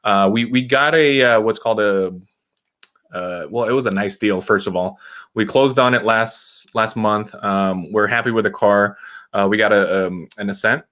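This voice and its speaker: Male co-host from the US, lowish voice, loose and halting delivery. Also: a bit bright. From United States. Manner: halting, many fillers and restarts. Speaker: podcast co-host. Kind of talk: casual chat.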